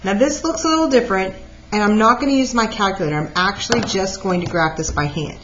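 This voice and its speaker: A woman teacher walking through a math lesson out loud, lively and talking through each step. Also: medium pitch, quick pace, a little hiss or hum. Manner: lively, talks through steps aloud. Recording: dull lo-fi recording.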